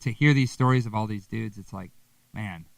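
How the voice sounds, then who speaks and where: A man's voice: on the low side, moderate pace, gravelly, no echo, far from the mic. A young man from Wisconsin, a guest musician in a casual interview chat, laid-back, swearing freely and telling stories with energy.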